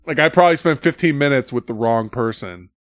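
A man's voice: mid-range voice, animated, fairly quick, dry recording, clean studio sound. A man hosting a podcast, telling stories in a casual, profane way and acting out other people's lines. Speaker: podcast host. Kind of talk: casual storytelling chat.

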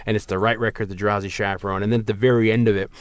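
A man's voice: very fast, dry recording. A man co-hosting a casual podcast chat about movies, rambling through stories and acting out quotes in a raised voice. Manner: rambling, animated, acts out quotes in a higher voice. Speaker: podcast co-host.

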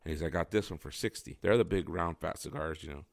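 Podcast host, male, very low voice, quick rambling delivery, dry close sound. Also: creaky, no echo. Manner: rambling, acts out quoted dialogue with voices. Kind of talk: casual storytelling chat. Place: home studio.

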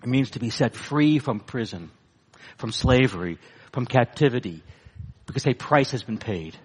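Preacher guy giving a sermon, lively swoopy voice, big echoey hall. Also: normal speed, breathy edge. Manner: emphatic, rising to high bursts then dropping low for weight. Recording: long hall reverb.

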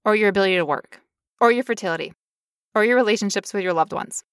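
A woman's voice: medium pitch, fast, clear, resonant tone, no room sound, studio quality. A woman co-hosting a podcast, speaking in a wry, emphatic way. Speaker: podcast co-host. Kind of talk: casual podcast chat.

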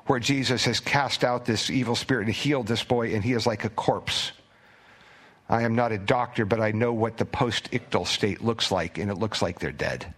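A male pastor delivers a sermon in a loose, conversational way, often restarting his sentences. His voice sits at a middle pitch, and he sometimes sinks into a hushed near-whisper to drive a point home. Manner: conversational, with frequent stammered restarts.

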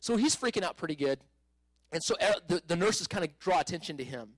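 A man telling a personal testimony in a casual storytelling way, animated, laughing often, with many fillers and restarts. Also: fairly high pitch, fast talker, no room sound, low-quality recording.

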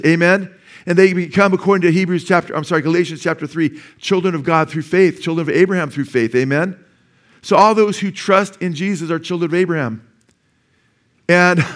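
A man's voice: on the high side, fairly bright tone. A man preaching a sermon as pastor in a church, earnest and conversational, often asking the congregation "amen?" and restarting words.

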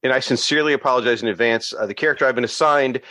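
A man joining a tabletop game over a video call, excited and enthusiastic, laughing often. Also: mid-range voice, very fast, dry recording. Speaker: podcaster and player. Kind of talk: casual chat.

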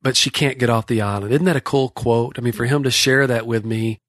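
Texan man, horse trainer, folksy rambling storyteller, dry close sound, mid-pitched voice. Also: fairly even intonation, brisk, fairly bright tone, no room sound. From Texas. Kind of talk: casual podcast storytelling.

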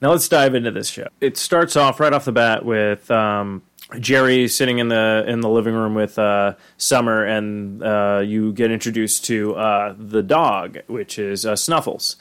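A man's voice: lowish voice, steady tone, unhurried, fairly bright tone, smooth. A man hosting a podcast and recapping an episode in a casual, rambling way, full of fillers. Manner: rambling, many fillers and restarts. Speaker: podcast host.

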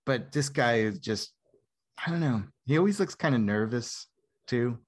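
A man's voice: medium pitch, animated, normal speed. A man chatting casually as a podcast co-host, blunt and opinionated, often laughing mid-sentence. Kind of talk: casual film chat.

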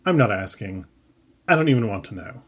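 A man voicing a sour, sleepy, sarcastic female store clerk in a read-aloud story, with a husky voice and dry, deadpan delivery. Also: fairly low pitch, fairly quick. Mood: curt.

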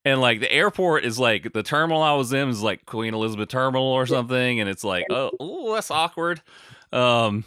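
A man's voice: medium pitch, quick pace, few pauses, pushed and bright, clear, resonant tone, dry recording, studio quality. An American man co-hosting a podcast, chatting casually in a rambling, self-mocking way with lots of fillers. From United States. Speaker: podcast co-host. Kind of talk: casual chat.

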